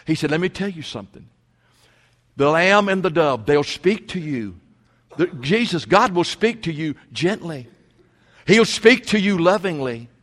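Preaching man in a reverberant hall. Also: fairly high pitch. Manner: preaching, swings between loud scripture quotes and hushed asides. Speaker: pastor. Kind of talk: sermon. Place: church sanctuary.

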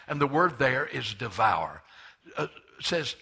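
A man in his seventies preaching a sermon as pastor, emphatic and slowing down to stress the scripture he reads. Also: mid-range voice, very animated, creaky, bright, forceful tone, slightly rough. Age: 70s.

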